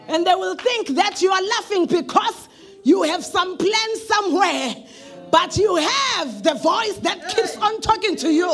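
A man preaching a sermon with impassioned shouting, chanted repetition and slow emphatic delivery. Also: extremely high pitch, lively intonation, faint music behind.

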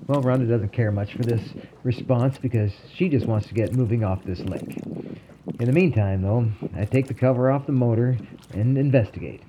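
A man narrating a personal story in a calm, wry way. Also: mid-range voice, normal speed, noisy background.

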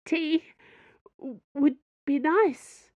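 A woman's voice: high voice, sing-song, takes it slowly, no room sound, highs cut off, voice pushed up, heavily acted. Woman doing a timid, frightened older woman. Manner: small, timid, whispering voice.

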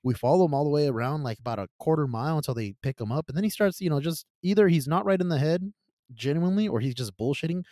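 A man's voice: fairly high pitch, quick pace, dry recording, studio quality. A man co-hosting a casual podcast, telling a story with lots of swearing and laughter. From California. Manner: profane, animated storytelling, laughs often. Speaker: podcast co-host. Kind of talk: casual chat.

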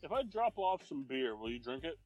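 A man hosts a podcast with a slightly high voice, teasing and bossing his friends in loose banter. Faint music plays underneath. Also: big pitch swings, a little fast, darkish tone. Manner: joking, bossy banter. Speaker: podcast host. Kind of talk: casual chat.

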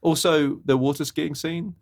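A man's voice: normal speed, creaky. A man co-hosting a film podcast, chatting casually and acting out scenes in silly voices. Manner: animated, acts out film lines in high silly voices. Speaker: podcast co-host.

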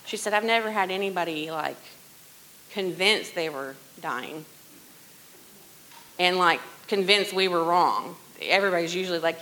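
A middle-aged woman sharing a personal testimony in church, earnest and conversational, often dropping to a hushed voice. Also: fairly low pitch, moderate pace, rough recording. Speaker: worship leader sharing testimony.

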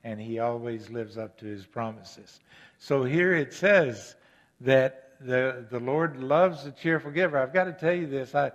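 A male pastor preaching a sermon, gentle and earnest, rising to emphatic questions and repetition. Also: mid-range voice, highs cut off.

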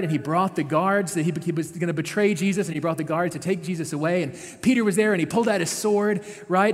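Man preaching in a reverberant church. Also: high-pitched. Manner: relaxed storytelling, frequent "right?" asides. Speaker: pastor. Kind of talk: conversational sermon. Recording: long reverb of a large hall.

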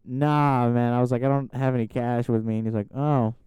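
A man's voice: mid-range voice, steady tone, brisk, mellow, clear, resonant tone, no room sound. A young man telling a long story in casual chat, rambling with lots of filler words and swearing. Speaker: podcast host.

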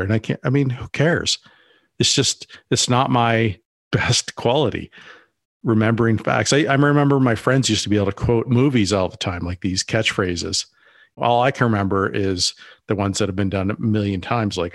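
Casting note: low-voiced male podcast co-host, loose rambling delivery, dry close mic. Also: moderate pace, no room sound. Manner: rambling, frequent restarts and asides. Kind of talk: casual podcast conversation.

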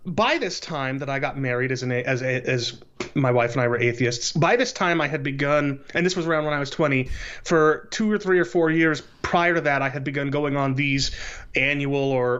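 A man in his late thirties, a podcast guest, telling his life story in a casual interview in an earnest, measured way. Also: medium pitch, a bit bright. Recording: slightly dull lo-fi audio.

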